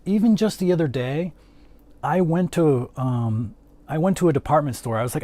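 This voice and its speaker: A man's voice: on the high side, normal speed, mellow. A man chatting casually as a livestream host, rambling with lots of "like" fillers and answering his chat.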